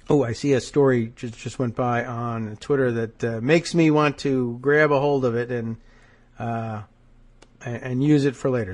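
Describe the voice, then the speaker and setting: A man hosting a political podcast, sardonic and wry, reading news quotes with asides, his nose stuffed up. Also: medium pitch. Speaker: podcast host. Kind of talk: political commentary.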